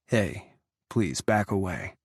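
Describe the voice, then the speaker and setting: A man's voice: sits low, expressive, slow pace, husky, no room sound, studio quality, voice pushed down, heavily acted. A man voicing a tense, protective Secret Service agent who speaks curt and clipped.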